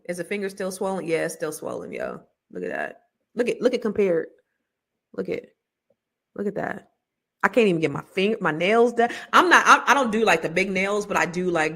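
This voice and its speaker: A middle-aged woman hosting a casual livestream, rambling and self-mocking between slangy asides and a sales pitch for a money course. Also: vocal fry, a bit bright. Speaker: host selling a money course.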